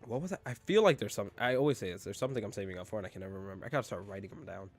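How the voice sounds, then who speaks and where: Casual podcast co-host: young man, low and gravelly, rambling jokes. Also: rapid-fire, soft background music. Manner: joking, rambling, laughs often. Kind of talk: casual chat.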